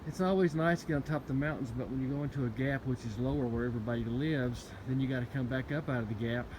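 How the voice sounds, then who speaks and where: A man's voice: mid-range voice, fast. Chatty Southern man on a mountaintop. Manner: rambling, folksy, chatty with fillers. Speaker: thru-hiker vlogger. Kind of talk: casual video diary on the trail. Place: outdoors on a wooded mountaintop. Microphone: handheld camera mic. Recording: noisy outdoor camera audio.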